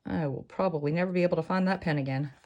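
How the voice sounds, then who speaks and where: A woman talks through a sewing project in a loose, chatty way. She drifts into self-mocking asides and silly jokes. Her voice sits a touch low for a woman. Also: very fast, darkish tone. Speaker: sewing tutorial host. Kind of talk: casual chatty craft tutorial.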